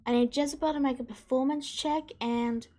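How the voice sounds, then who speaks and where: A woman running a tabletop game as game master, explaining rules in a measured way. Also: high voice, steady tone, darkish tone.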